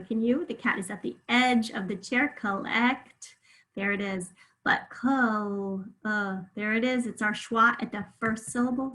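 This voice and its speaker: A woman's voice: fairly high pitch, sharp tone, rough recording. Patient woman teaching phonics online. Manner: patient, stretches words out slowly to sound them. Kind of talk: remote phonics lesson.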